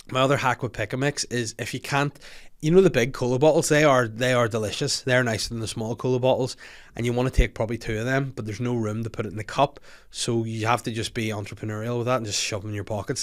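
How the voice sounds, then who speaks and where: A young man with a Northern Irish accent hosting a comedy podcast, rambling and jokey with crude asides. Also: medium pitch. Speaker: podcast host. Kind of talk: casual comedic chat.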